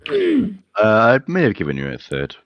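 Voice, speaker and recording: A man running a tabletop game as game master, giving rulings in a relaxed, conversational way. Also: mid-range voice, normal speed, vocal fry, highs cut off.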